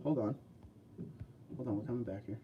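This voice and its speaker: A man's voice: lowish voice, a little fast, far from the mic, narrow, tinny audio, slight background noise. A man hosting a casual livestream, chatting loosely and answering viewer questions as they come in. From California. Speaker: livestream host. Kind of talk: casual livestream chat reading viewer comments.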